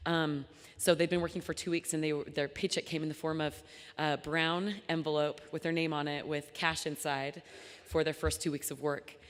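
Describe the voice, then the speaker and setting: Low-voiced woman speaking in a reverberant hall. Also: little pitch movement, moderate pace. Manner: earnest and chatty, with frequent fillers and restarts. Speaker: nonprofit founder giving a luncheon talk. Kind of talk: speech to a live audience. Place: large banquet hall.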